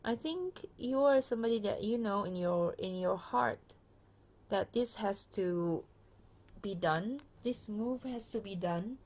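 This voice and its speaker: Tired, gravelly-voiced woman reading tarot. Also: medium pitch, lively intonation, measured pace, a little mellow. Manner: chatty, many fillers and restarts, addresses viewer directly. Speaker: tarot reader. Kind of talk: casual pick-a-card tarot reading. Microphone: phone camera.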